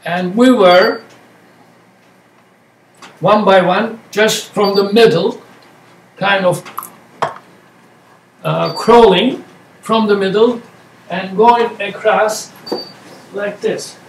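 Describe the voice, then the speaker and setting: Slow, high-voiced man talking about meditation. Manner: short halting phrases, plain words. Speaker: meditation teacher. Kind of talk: slow reflective talk. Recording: echoey room, distant mic, faint noise.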